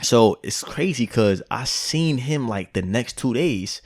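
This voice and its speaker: A man's voice: medium pitch, expressive, a little slow, a little mellow, no echo, clean studio sound. A man from Brooklyn, co-hosting a podcast and telling a rambling street anecdote in a loose, casual way, full of "like" and "right?". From Brooklyn, New York. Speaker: podcast co-host. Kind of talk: casual storytelling chat.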